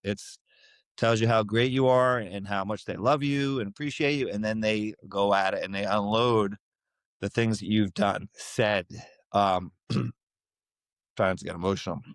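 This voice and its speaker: A middle-aged man with a low voice tells his story in a relaxed interview. He slips into lively impressions of the people he quotes. The sound is close and dry. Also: unhurried, dry recording. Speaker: podcast guest.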